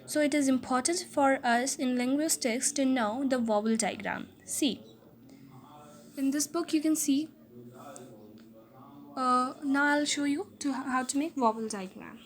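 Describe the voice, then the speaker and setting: A woman teaching a linguistics lesson, explaining slowly and repeating key words, often checking with "okay?". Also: high voice. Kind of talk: explaining phonetics at a board.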